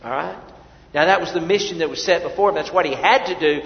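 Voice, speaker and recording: A male pastor preaching a sermon, swinging between soft, hushed lines and loud emphatic ones and often repeating words as he restarts. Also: fairly high pitch, quick pace, creaky. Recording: echoey hall, dull lo-fi sound.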